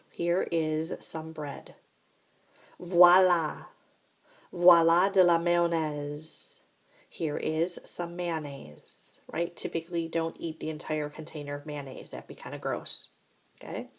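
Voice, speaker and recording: A woman teaching a recorded French lesson at an unhurried pace, explaining each point patiently and checking in with "right?" and "okay?". Her voice sits somewhat low. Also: steady tone.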